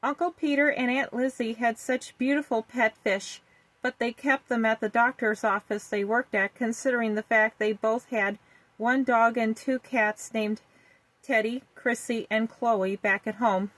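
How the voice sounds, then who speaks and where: A woman reads a children's story aloud in a gentle, even way. Her voice sits fairly high, and the recording is dry and close. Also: unhurried, dry recording, rough recording.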